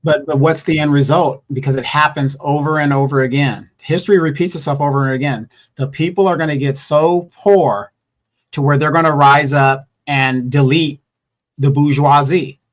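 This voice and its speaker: High-voiced man lecturing earnestly. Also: fairly even intonation, normal speed. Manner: earnest, lecturing about history. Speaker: guest. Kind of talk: casual live discussion.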